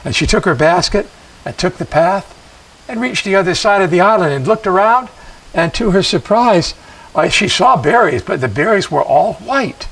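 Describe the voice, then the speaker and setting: A man telling a traditional legend in a measured, expressive way with dramatic pauses. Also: high voice, gravelly, distant mic, slight background noise, low-quality recording. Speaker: storyteller. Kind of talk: traditional storytelling performance.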